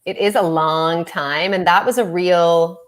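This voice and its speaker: A woman's voice: lowish voice, steady tone, a little slow. A Canadian woman, a business coach and author, chatting in a bubbly way as a podcast guest. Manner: bubbly, laughs often, chatty. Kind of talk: casual interview chat.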